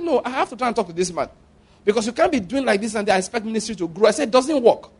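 A middle-aged man delivers a sermon in an easy, talky manner. His voice sits somewhat high for a man. He circles back and repeats key phrases to drive them home. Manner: conversational, repeats phrases for emphasis. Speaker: pastor.

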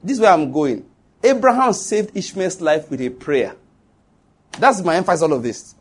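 Male preacher, middle-aged, emphatic, higher voice with a husky edge. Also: lively intonation, normal speed. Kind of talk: sermon.

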